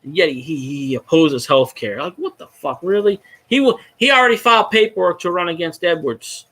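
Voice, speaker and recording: A man's voice: a little high, a little fast, fairly bright tone. A man, a fan vlogger rambling and swearing as he chats with viewers on a casual livestream. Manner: rambling, profane, talks to viewers in chat.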